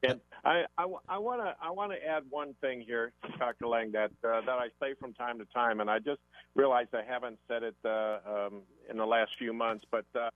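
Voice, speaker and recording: A man's voice: mid-range voice, moderate pace, no room sound. A man co-hosting a radio health show as a doctor, talking in a folksy, rambling way. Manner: folksy, rambling, with frequent restarts and "and like that". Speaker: guest co-host, health doctor. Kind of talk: casual radio talk over a phone line. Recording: tinny phone line.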